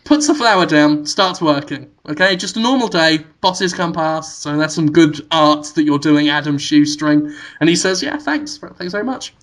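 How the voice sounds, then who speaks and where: A man co-hosting a podcast, spinning a long comic movie pitch that wanders as he goes. His voice is bright and forward, and he keeps breaking into laughter at his own ideas. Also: moderate pace. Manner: rambling storytelling, laughing at own jokes. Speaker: podcast co-host.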